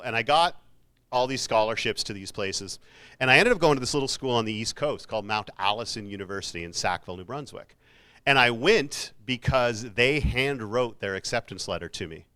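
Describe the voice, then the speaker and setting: Speaking in a university hall, a man with a medium-pitched, fairly bright voice gives students a casual, jokey motivational talk. As keynote speaker, he often pokes fun at himself.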